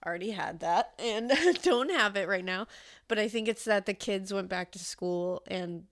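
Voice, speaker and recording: A woman's voice: medium pitch, moderate pace. Congested woman co-host, casual true-crime chat, chatty and filler-heavy. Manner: chatty, with frequent fillers and laughs. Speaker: podcast co-host.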